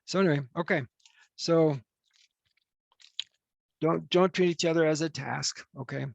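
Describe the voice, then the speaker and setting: A man's voice: a little high, steady tone, normal speed, gravelly, pauses often, dry recording. A man officiating a wedding over a video call, chatty and joking as he rambles.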